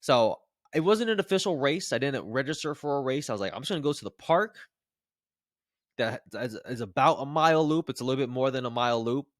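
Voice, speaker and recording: A man in his twenties casually telling a personal story to the camera, rambling and animated with frequent restarts. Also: medium pitch, a little fast, dry recording, studio quality. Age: 20s. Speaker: vlogger.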